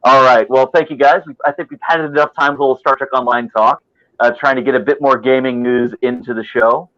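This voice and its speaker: A man hosting a podcast, talking conversationally with filler pauses. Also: medium pitch, steady tone, fairly bright tone, lo-fi sound. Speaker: podcast host.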